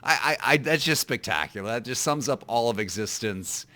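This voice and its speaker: Man, podcast co-host, casual chat, lively swinging pitch, rambling restarts, self-deprecating. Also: moderate pace.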